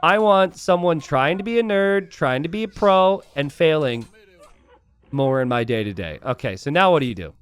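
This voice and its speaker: A man giving casual strategy game commentary, chatty with relaxed asides, then bursting into excited shouts and laughter at big plays. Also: fairly high pitch, normal speed, smooth, soft background music. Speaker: game caster.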